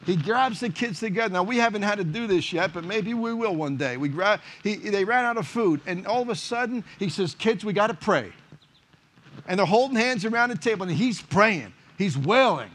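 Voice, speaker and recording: Animated, high-voiced pastor telling stories. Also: male voice, fairly quick, few pauses, a little hiss or hum. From United States. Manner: animated storyteller, acts out quoted dialogue. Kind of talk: sermon storytelling.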